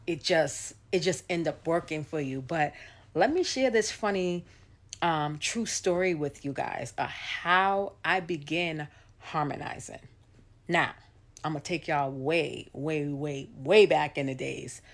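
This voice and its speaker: Chatty woman singer, low-pitched. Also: a little slow. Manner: chatty, animated, acts out voices in her story. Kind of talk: casual storytelling to viewers.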